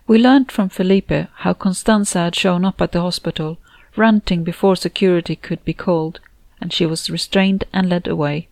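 A woman narrating her own novel in the first person, in a soft, low-key way, recorded on a close mic. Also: fairly even intonation, moderate pace, gravelly, no echo, low-quality recording. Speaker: audiobook narrator and author.

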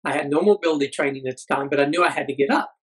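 A middle-aged man, a podcast guest, telling a personal story earnestly, halting with many fillers. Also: a little high, fairly bright tone, husky, poor audio.

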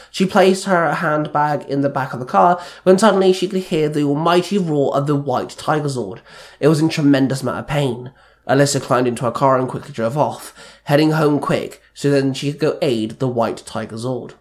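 A man narrating a fan fiction story in a plain, steady reading voice. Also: fairly high pitch, normal speed.

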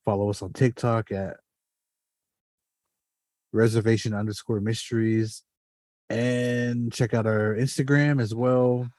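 Casual swearing podcast host, mellow low voice. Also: male voice, unhurried, pauses often, dry recording. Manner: animated, swears often, heavy fillers. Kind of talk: casual storytelling.

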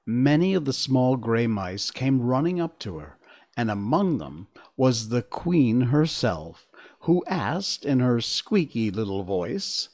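A man reading a children's storybook aloud, slow and expressive. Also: mid-range voice.

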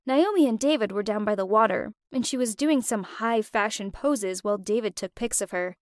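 A young woman telling a first-person story with expressive, emotional delivery. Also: medium pitch, moderate pace, no room sound, clean studio sound. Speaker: narrator.

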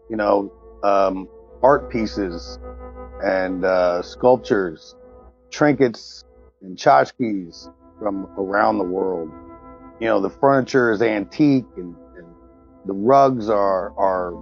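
A man's voice: on the low side, creaky, a little mellow, muffled recording. A man playing a tabletop role-playing game, describing scenes casually and rambling with fillers. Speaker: tabletop player. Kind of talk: improvised role-play narration.

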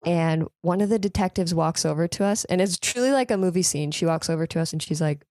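A young woman, a podcast guest, telling a story in a lively, chatty way, swearing freely and saying "like" a lot. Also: lowish voice, quick pace, no echo, clean studio sound. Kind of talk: casual comedic storytelling.

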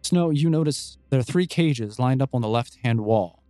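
A man running a tabletop game as game master, describing scenes in calm, descriptive narration. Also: mid-range voice, moderate pace, dry recording, soft background music.

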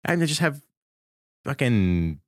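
A man's voice: medium pitch, sing-song, slow, no echo, studio quality. A man co-hosting a casual comedy podcast, telling a rambling, self-deprecating story and acting out the voices of the people in it. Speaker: podcast co-host.

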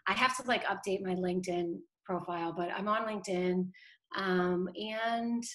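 A woman's voice: medium pitch, a bit bright. A woman from Boston, a communications director, talking casually in an interview with lots of "like" and "you know". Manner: chatty, many "like" and "you know" fillers, quick laughs. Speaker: city council communications director.

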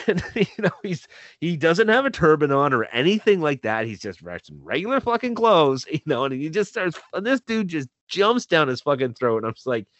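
A man's voice: on the high side, big pitch swings, moderate pace, a bit bright, no room sound, highs cut off. A man co-hosting a casual chat over a video call, telling stories with a lot of swearing and laughter. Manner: profane, laughing storyteller. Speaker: podcast co-host.

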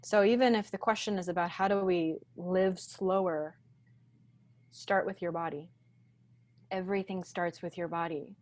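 A woman with a slightly low voice speaks in an unhurried, grounded way as a podcast guest. She teaches in a calm, deliberate manner and lingers on her words. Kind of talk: conversational teaching.

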